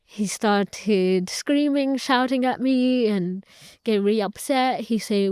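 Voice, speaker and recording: A woman's voice: medium pitch, slow pace, hardly any pauses, a little mellow, clear, resonant tone, no room sound, clean studio sound. A young woman, a guest in an interview, earnestly recounting a personal story and retelling family conversations at length.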